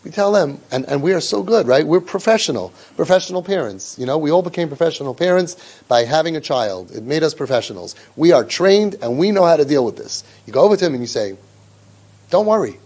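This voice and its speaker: The speaker, a man guiding a parent training group, delivers his talk with sarcasm and exaggerated impressions of kids and their parents. He talks fast with few pauses, in a fairly high, expressive voice with a darkish tone.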